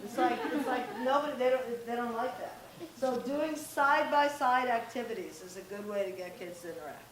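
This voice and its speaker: A woman's voice: fairly high pitch, a little fast, hardly any pauses, far from the mic. A middle-aged woman giving a live talk to parents and teens, speaking directly and conversationally and acting out bits of dialogue. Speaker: parenting workshop presenter. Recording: echoey room, faint background noise.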